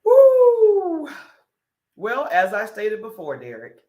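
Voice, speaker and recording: A woman's voice: fairly low pitch, expressive, takes it slowly. A woman hosting a morning talk show, giving an opinionated monologue that is emphatic and repetitive, full of rhetorical questions.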